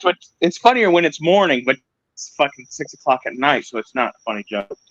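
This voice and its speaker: A man's voice: on the high side, sing-song, brisk, a bit bright, no room sound. Joking man on a dull, dry recording. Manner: chatty, joking, drops swear words. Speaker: podcast co-host. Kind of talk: casual chat.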